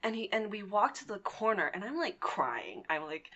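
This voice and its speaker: A young woman in her twenties telling a personal story on a podcast in a casual, animated way, swearing now and then. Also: medium pitch, moderate pace. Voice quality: lively, animated retelling with swearing and laughs. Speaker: podcast guest.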